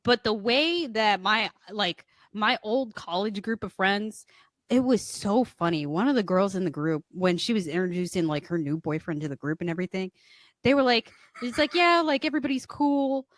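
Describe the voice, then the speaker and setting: A woman's voice: medium pitch, expressive, moderate pace, dry recording, clean studio sound. A young woman from Florida with a Southern accent, telling stories and laughing in casual podcast chat. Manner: laughing, storytelling, slangy. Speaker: podcast co-host.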